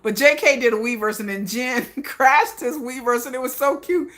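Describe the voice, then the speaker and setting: A woman's voice: high voice, moderate pace, a bit bright. A woman hosting a casual livestream, chatting and laughing often and greeting viewers in the chat. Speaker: livestream host.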